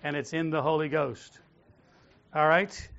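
Male pastor, fairly high voice, preaching to a congregation, dull lo-fi recording. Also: fairly even intonation, unhurried, vocal fry, a bit bright. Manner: rhetorical questions, calls on the congregation to repeat phrases. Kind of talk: sermon. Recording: dull lo-fi sound.

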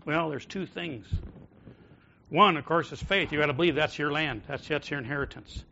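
A pastor preaching a sermon in a church, rising to loud calls and dropping to soft, prayerful tones. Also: male voice, a little high, moderate pace, creaky, highs cut off, a little hiss or hum. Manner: swings from loud exhortation to soft intimate prayer. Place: church sanctuary.

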